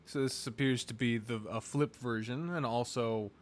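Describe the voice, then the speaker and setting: A man's voice: medium pitch, steady tone, moderate pace, slight background noise. A man casually commenting on a game during a live stream, joking, laughing and swearing freely.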